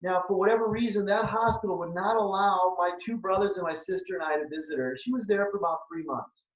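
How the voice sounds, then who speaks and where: A fairly high-voiced man in his fifties, a doctor presenting a webinar, telling a personal story and making a pitch in an earnest, emotional way. He sits back from the mic, and the sound is dull and muffled in a room that rings with echo. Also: fast, distant mic. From Minnesota, United States. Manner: earnest, emotional, repeats phrases for emphasis.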